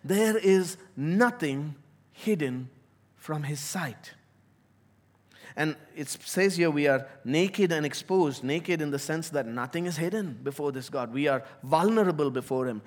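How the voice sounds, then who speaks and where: A man preaching a sermon as a pastor, earnest and emphatic, slowing down to stress key words. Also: fairly high pitch.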